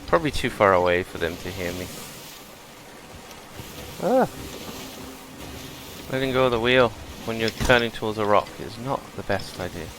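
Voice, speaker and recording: A man's voice: on the low side, lively intonation, normal speed, long pauses, background noise. A man hosting a gaming video, chatting casually and thinking aloud as he plays. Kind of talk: relaxed gameplay commentary.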